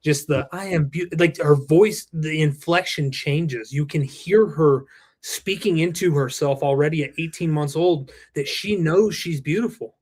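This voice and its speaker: A man's voice: on the high side, a little slow, darkish tone, breathy edge. A man in his thirties, a company president, talking earnestly and reflectively in a casual interview, with the odd curse word. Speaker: roofing company president, podcast guest.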